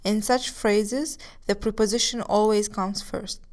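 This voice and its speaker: A woman giving a recorded language lesson, explaining slowly and mixing English explanations with examples. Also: mid-range voice, steady tone. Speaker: language teacher.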